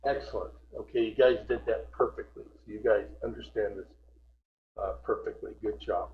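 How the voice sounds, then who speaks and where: A man's voice: fairly low pitch, steady tone, normal speed, lo-fi sound, a little hiss or hum. A man teaching an online group English class, patiently repeating words to correct pronunciation. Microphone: video call.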